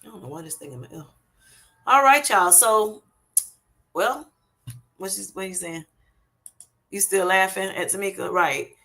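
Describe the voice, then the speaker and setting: On her livestream, a middle-aged woman talks casually with viewers, often laughing and calling them honey and y'all. Her medium-pitched voice is a bit bright, moving at a measured pace with long pauses, captured on a streaming setup.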